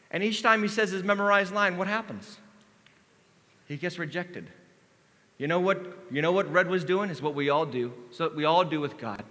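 A male pastor preaching with a lively, swooping delivery, his voice rising and falling as he acts out quoted lines. His tone is bright and forceful, and a long hall reverb trails each phrase through the church. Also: on the high side. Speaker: lead pastor. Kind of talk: sermon.

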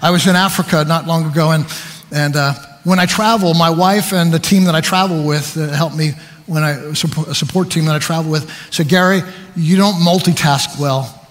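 A man preaching a sermon, telling stories about himself with animated, self-deprecating humor. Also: on the high side, fairly quick, big-room sound, faint music behind.

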